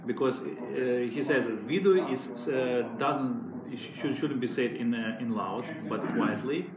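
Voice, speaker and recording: A man, a student in a class, asking a question hesitantly with many pauses. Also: mid-range voice. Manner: hesitant, many fillers and restarts. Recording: echoey room with crowd behind.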